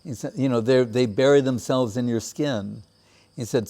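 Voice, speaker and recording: Man, spiritual teacher, devotional discourse, mellow voice, pausing often, crickets behind. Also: medium pitch.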